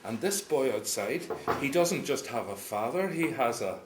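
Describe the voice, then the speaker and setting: A man telling a folk tale to a live audience, chuckling often and dropping into quiet voices for the characters. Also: medium pitch, lively intonation, normal speed, a loud crowd. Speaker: storyteller. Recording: roomy live recording with audience.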